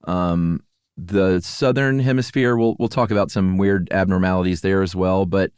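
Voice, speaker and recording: A man co-hosting a casual podcast, talking in a relaxed way with frequent laughs and fillers. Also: sits low, moderate pace, clear, resonant tone, no room sound, studio quality. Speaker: podcast co-host. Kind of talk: casual conversational podcast chat.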